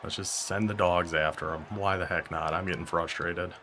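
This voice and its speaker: A male gaming YouTuber with a lower voice keeps up a running commentary to himself over gameplay, breaking into quick bursts of excitement and frustration. A faint hiss of noise sits under the audio.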